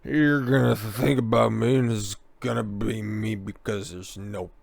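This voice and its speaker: A man's voice: lowish voice, steady tone, measured pace, gravelly, darkish tone. A man voicing a drunk, brash British man in a put-on mix of English accents, with slurred, swaggering speech. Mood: drunk boasting. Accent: mixed English accents, put on.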